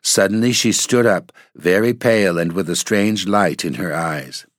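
A man narrating a classic storybook in a steady, measured way. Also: low voice, no room sound, clean studio sound. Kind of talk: storybook reading.

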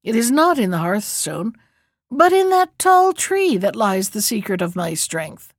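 A woman voicing a proud, boastful male dragon in a storybook reading, speaking slowly and mockingly. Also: mid-range voice, very animated, no echo, studio quality.

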